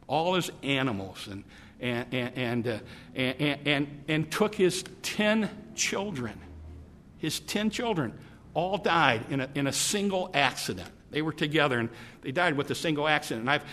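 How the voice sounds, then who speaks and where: Forceful, emphatic male preacher. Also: a little high, in a large hall. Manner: emphatic, repetitive, stumbling restarts. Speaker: pastor. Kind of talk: sermon.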